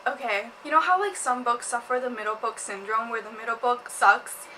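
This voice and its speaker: A woman's voice: a little high, normal speed, pushed and bright, a little hiss or hum, rough recording. A young woman vlogging about a book, giggly and gushing, laughing and apologizing as she talks. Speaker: booktube vlogger. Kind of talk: casual chat.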